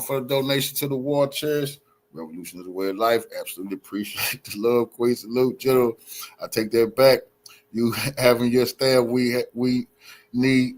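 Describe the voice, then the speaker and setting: A man's voice: medium pitch, a bit bright. A man streaming casual, rambling commentary, profane and boastful. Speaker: streamer and blogger.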